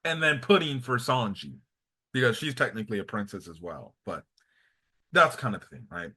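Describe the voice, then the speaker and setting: A young man giving a casual anime episode review, excitable, slangy and rambling. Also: medium pitch, moderate pace, breathy edge.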